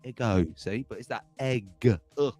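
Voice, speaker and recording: A man's voice: medium pitch, animated, normal speed, darkish tone, soft background music. A man hosting a casual livestream, rambling and chuckling as he reads out viewer comments. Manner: chuckling, rambling, self-mocking. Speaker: livestream host.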